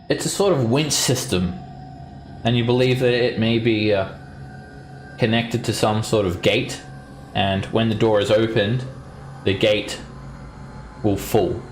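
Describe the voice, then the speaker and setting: A man narrates a tabletop adventure as its dungeon master, laying out corridors and traps at an even, descriptive pace. His voice sits on the low side, and a clear layer of background noise runs under it. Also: measured pace, long pauses. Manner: descriptive, steady scene-setting.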